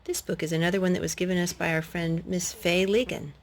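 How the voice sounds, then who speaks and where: A woman at home reading a picture book aloud to her child, in a gentle, animated storytelling manner. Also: fairly low pitch, fairly quick. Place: at home indoors.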